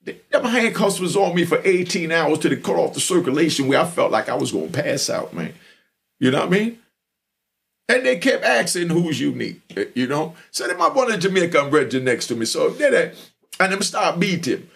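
A podcast host with a gravelly voice tells a story in a lively, streetwise, animated manner, speaking briskly with a fairly high pitch that swings widely. His storytelling monologue comes in loose, rambling runs, and he keeps checking in with the listener by repeating "you know what I mean."

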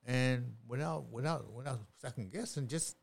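A man's voice: medium pitch, moderate pace, vocal fry. A middle-aged man giving life advice in a casual podcast chat, repeating and restarting his words as he preaches. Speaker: podcast guest.

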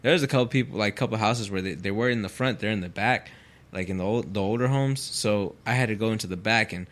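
Laid-back man, low easy voice. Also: fast talker, fairly bright tone. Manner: loose, filler-heavy, swears freely. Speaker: podcast guest, pro fighter. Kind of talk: casual storytelling.

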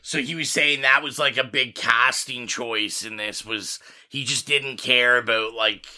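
A man's voice: mid-range voice, steady tone, measured pace, sharp tone. A man hosting a podcast, steering the chat by asking the others questions. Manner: moderating, asks questions. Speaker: podcast host. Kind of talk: casual chat.

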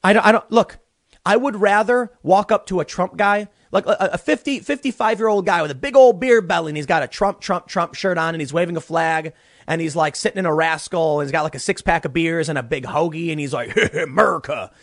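A man's voice: a little high, a little fast, dry recording. A young man hosting a political commentary show from a small closet studio, ranting animatedly and stammering through repeated words. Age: young adult.

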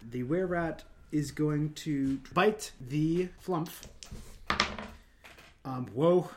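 A man narrating as dungeon master in a casual home game, trading quick asides about rules. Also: a little high, background noise.

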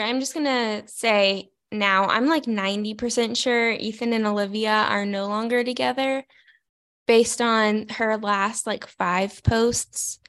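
A young adult woman co-hosting a podcast in a casual chat, relaxed and agreeable, often chiming in briefly. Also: fairly high pitch. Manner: relaxed, agreeable, short replies. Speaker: podcast co-host.

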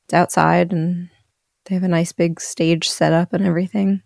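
Gravelly woman, relaxed and hesitant. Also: lowish voice, moderate pace, dry recording, clean studio sound. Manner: relaxed, hesitant, forgetful with many ums. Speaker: podcast co-host. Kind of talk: casual chat.

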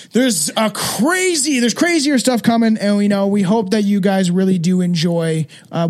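Man, podcast host, high voice, rambling, swearing, filler words. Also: a little mellow. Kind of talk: casual chat.

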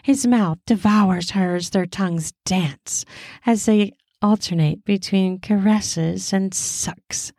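Slow, intimate woman storyteller. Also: mid-range voice, a little mellow, no room sound, clean studio sound. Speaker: narrator. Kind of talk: scripted erotic story narration.

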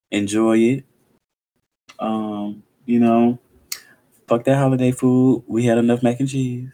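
Chill joking guy on a podcast, normal pitch, swears casual. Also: steady tone, a little slow, dark tone. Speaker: podcast co-host. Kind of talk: casual chat.

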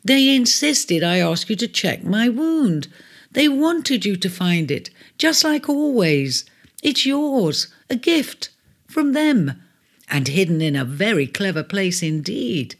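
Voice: medium pitch, big pitch swings, takes it slowly, voice pushed up, heavily acted. Ares, a narrator doing a shy young wanderer. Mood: cheerful. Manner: hesitant, earnest.

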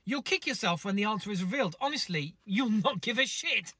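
A podcast host, giving wry, deadpan quiz links between clips. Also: mid-range voice, fairly quick, dry recording.

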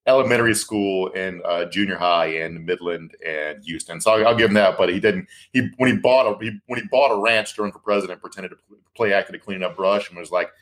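A man's voice: low-pitched, quick pace. A man co-hosting a podcast, rambling through stories in an amused way and laughing often. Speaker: podcast co-host. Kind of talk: casual chat.

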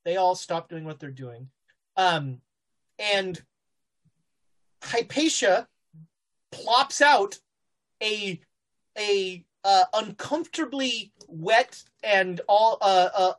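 A woman narrating as game master of a tabletop horror game, halting often with fillers. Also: medium pitch.

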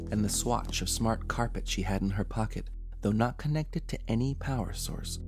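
Horror podcast narrator, low gravelly man, measured dramatic reading. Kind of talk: scripted horror story narration. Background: faint music.

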